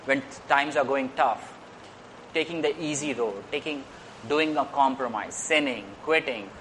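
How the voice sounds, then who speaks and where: An earnest man preaches a sermon at a mid pitch and often repeats his phrases. His voice rises when he stresses a point. A faint hiss sits behind him. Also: unhurried, a bit bright.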